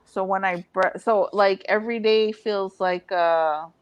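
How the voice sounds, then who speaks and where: A woman's voice: mid-range voice, fairly even intonation, a little slow, slight background noise, poor audio. A woman in casual chat among friends, speaking candidly and matter-of-factly. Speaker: channel host.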